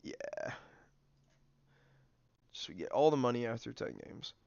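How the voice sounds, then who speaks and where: A man's voice: medium pitch, lively intonation, measured pace, creaky, a little mellow, no room sound, lo-fi sound. A young man streaming a game, chatting casually with lots of fillers while he snacks. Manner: rambling, filler-heavy, snacking while talking. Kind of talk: casual livestream commentary.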